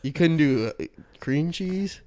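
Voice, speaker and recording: A man's voice: fairly high pitch, animated, slow, dark tone, dry recording. A man co-hosting a casual podcast chat, teasing his friends with crude, jokey riffs.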